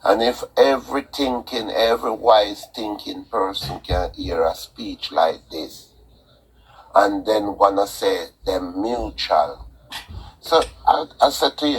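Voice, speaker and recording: A man's voice: fairly low pitch, measured pace, breathy edge, poor audio. A man with a Jamaican accent calling into a talk show, emphatic and repetitive, almost preaching. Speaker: caller. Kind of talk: call-in talk radio chat.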